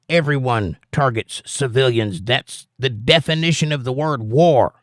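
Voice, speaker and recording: A man's voice: mid-range voice, lively intonation, measured pace, few pauses, no echo. Argumentative male livestream host reading chat aloud, middle voice, dry recording.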